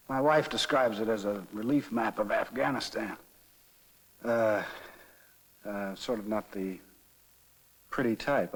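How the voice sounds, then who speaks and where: A middle-aged actor being interviewed at a film studio, speaking in a measured, halting way with many filler pauses. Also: male voice, fairly low pitch, husky. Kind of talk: archival film-set interview. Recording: reverberant 1960s archive interview.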